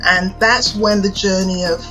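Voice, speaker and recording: A woman's voice: mid-range voice, steady tone, unhurried, bright, forceful tone, soft background music, poor audio. A British woman minister from England, telling her story reflectively as an interview guest.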